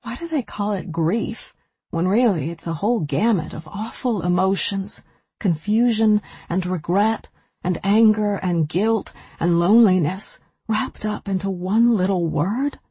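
A woman's voice: mid-range voice, measured pace, warm tone, breathy edge, no echo. A woman narrating a first-person novel in an intimate, emotional way, recorded close to the mic. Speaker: audiobook narrator.

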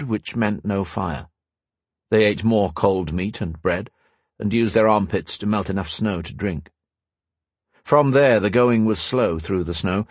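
A man narrating a fantasy audiobook in a measured, even storytelling manner. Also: on the low side, breathy edge, dry recording. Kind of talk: scripted narration.

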